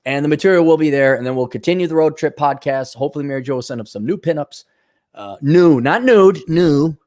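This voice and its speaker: A blunt, sarcastic man from the Milwaukee area rants straight to camera in a casual vlog. His voice sits a little high for a man. He jumps between jokes, complaints and asides. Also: expressive, brisk, a little mellow. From Milwaukee area, USA. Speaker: vlogger. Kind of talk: casual ranting monologue.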